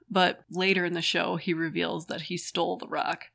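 A woman's voice: fairly low pitch, level tone, normal speed, creaky, fairly bright tone. A woman co-hosting a podcast, recapping a cartoon in blunt, casual chat, swearing freely. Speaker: podcast co-host.

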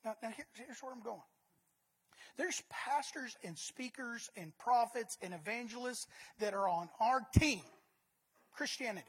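A woman preaching a sermon, emphatic, repeating words and swinging between loud and soft. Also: fairly high pitch, lively intonation, a little slow, slightly rough.

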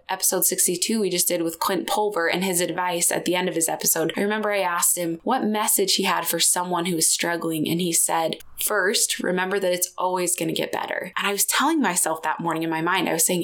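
A woman's voice: medium pitch, gravelly, a bit bright. A woman host in her thirties candidly telling a personal story on her podcast. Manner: candid, emotional, confessional.

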